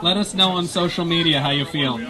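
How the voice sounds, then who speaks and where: A male stand-up comedian doing self-mocking, deadpan bits for commuters on an airport tram. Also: on the high side, a little fast, noisy background. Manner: self-mocking, wraps up the show again and again.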